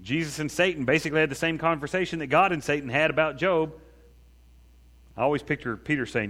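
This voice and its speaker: A man's voice: on the high side, fast talker, a bit bright. A man preaching a sermon as a pastor, talking in a conversational way and acting out prayers. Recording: long reverb of a large hall.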